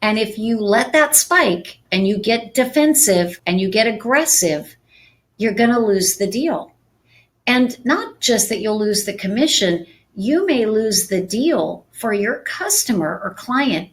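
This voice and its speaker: Calm, slow-talking woman coach. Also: medium pitch. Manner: calm, slow and soft-spoken. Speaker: real estate sales coach. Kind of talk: live-stream training talk.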